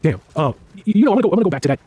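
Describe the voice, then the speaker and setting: A man hosts a casual podcast, asking questions quickly and with a lot of hedging and restarts. His voice is husky and dark, a little higher than most men, recorded dry and close. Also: animated, no echo. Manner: hesitant, filler-heavy questioning. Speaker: interviewer.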